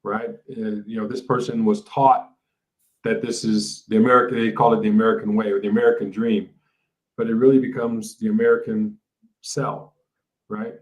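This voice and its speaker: A man speaking as a life coach guest in an interview, reflective and halting, with many fillers and restarts. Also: fairly low pitch, little pitch movement, poor audio. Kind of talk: casual interview talk. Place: lives in a large city.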